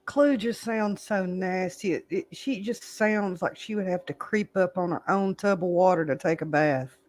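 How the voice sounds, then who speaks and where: High-voiced man making crude jokes. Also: moderate pace. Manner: crude joking banter. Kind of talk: casual livestream chat.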